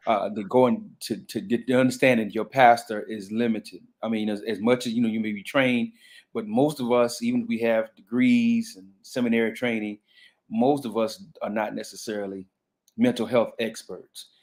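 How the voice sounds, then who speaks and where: Man, pastor, low-pitched, reflective, restarts often, conversational. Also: flat delivery, moderate pace, darkish tone. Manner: reflective, frequent restarts and fillers. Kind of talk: panel conversation.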